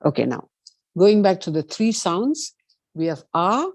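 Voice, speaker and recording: Low mellow woman teaching meditation. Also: big pitch swings, measured pace, no echo. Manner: gentle instructive, sings sustained vowel tones. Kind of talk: online meditation lesson with sung demonstrations.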